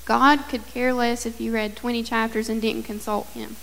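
A woman's voice: fairly high pitch, flat delivery, moderate pace, a bit bright. A woman sharing her thoughts in a church discussion group, earnest and reflective. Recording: reverberant hall.

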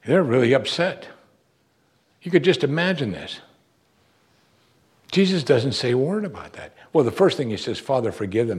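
A man preaching a sermon, earnest and emphatic, pushing his voice up on key words. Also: fairly low pitch.

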